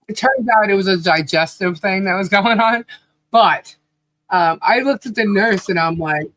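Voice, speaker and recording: Woman podcast host, mid pitch, lively storyteller who laughs a lot, casual live chat. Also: moderate pace, rough recording. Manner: animated storyteller, laughs often, reads out chat names.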